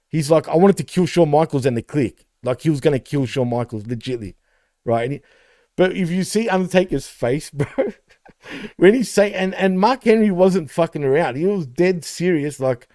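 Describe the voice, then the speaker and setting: Man, podcast co-host, casual chat, laughs a lot, swears, slightly high voice, dry sound. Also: mellow, no echo. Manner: laughs often, swears freely, calls people bro and man.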